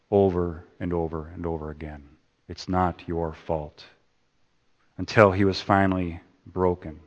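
Slow, low-voiced preacher in a reverberant hall. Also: male voice, muffled recording. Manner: dramatic swings from loud emphasis to hushed repetition. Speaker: pastor. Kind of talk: sermon.

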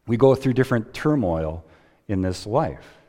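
A male pastor delivers a sermon at an unhurried, measured pace, leaning on long dramatic pauses. His voice sits on the lower side. The sound rings with the long reverb of a church hall. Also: animated, dark tone. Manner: slow, deliberate preaching with dramatic pauses.

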